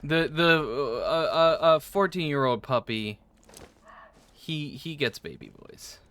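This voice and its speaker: A man hosting a let's play, rambling through casual gameplay commentary with animated, profane storytelling. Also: fairly high pitch, slow, slight background noise.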